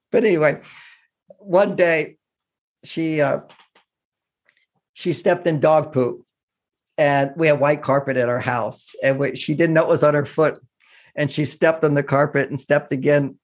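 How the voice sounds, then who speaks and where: A middle-aged man giving relationship advice, telling stories and acting out the voices of people he quotes. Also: fairly high pitch. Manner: animated, acts out quoted voices. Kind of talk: warm advice talk with stories.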